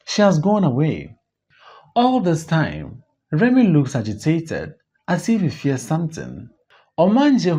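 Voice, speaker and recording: A slow, husky reader works through a stage play, lines and stage directions alike. The pitch leaps and dips all over the place, while the tone stays dark and mellow. The recording sounds dull and muffled. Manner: slow, measured reading with lively pitch swings. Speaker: audiobook reader. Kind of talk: reading a stage play aloud, stage directions included.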